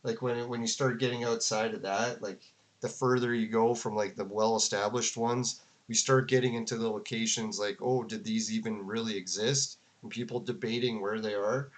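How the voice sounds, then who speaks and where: A man's voice: mid-range voice, flat delivery, moderate pace. A man giving casual, rambling commentary on a debate to his viewers, full of fillers and restarts. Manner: rambling, filler-heavy, with frequent "like" and laughs. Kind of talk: casual commentary to a live chat.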